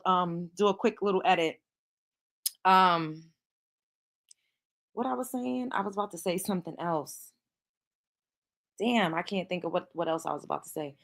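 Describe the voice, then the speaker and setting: A young woman hosting a casual livestream commentary, talking animatedly to her chat and swearing freely. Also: mid-range voice. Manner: animated, swearing, addresses chat viewers by name. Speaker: host.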